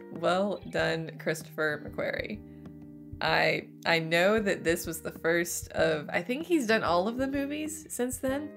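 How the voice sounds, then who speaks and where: A woman's voice: lowish voice, vocal fry. Scratchy-voiced woman with a cold. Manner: enthusiastic, gushing, laughs often. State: hoarse from a cold, a bit stuffy. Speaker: movie reaction host. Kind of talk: casual spoken movie review.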